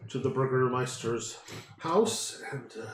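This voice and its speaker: A man narrating a tabletop game as game master, unhurried and full of fillers. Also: mid-range voice, echoey room, soft background music, low-quality recording.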